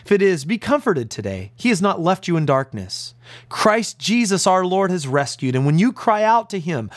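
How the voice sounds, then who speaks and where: A man's voice: very animated, moderate pace, no room sound. An American man, a pastor, delivering an earnest, emphatic radio sermon. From United States. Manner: earnest, emphatic preaching with big pitch swings.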